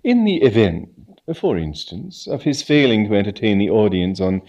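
A man voicing a calm, clever male valet who speaks softly in a measured, formal way. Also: fairly low pitch, muffled recording.

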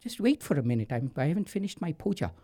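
A man with a husky voice voicing a calm, unafraid young boy devotee in a told story. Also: fairly high pitch, quick pace, dry recording, clean studio sound.

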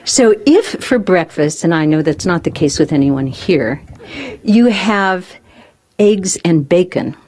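A woman speaker telling a personal story to a live group, expressive and often laughing as she speaks. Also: lowish voice, takes it slowly. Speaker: spiritual speaker.

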